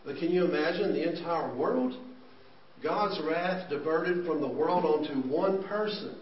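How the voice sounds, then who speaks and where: A man preaches an earnest, explanatory sermon, his voice sitting a little high. He is picked up from a distance in a reverberant church hall, so the sound comes across dull and muffled. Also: slight background noise. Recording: echoey room, distant mic, dull sound.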